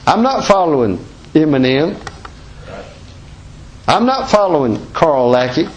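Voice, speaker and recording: A man's voice: a little high, big pitch swings, unhurried, muffled recording, a little hiss or hum. A man with a Southern American accent preaching a sermon as pastor, folksy and emphatic, full of rhetorical questions.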